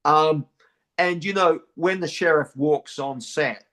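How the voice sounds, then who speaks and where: A man's voice: a little high, slow, a bit bright. Man chatting with repeated restarts. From New Zealand. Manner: repeats words and restarts, many "you know". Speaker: actor being interviewed. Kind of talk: casual interview chat.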